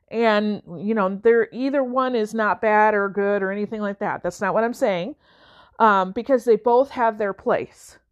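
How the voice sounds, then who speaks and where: A woman's voice: a little high, lo-fi sound. A woman telling a personal story about coaching and mentoring, chatty, with fillers and acted-out quotes. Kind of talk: conversational storytelling talk.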